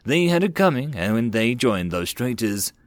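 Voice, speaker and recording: A man's voice: medium pitch, big pitch swings, moderate pace, dry recording, lightly acted. Man reading as a blunt proud soldier, slightly raised voice, dry close audiobook sound.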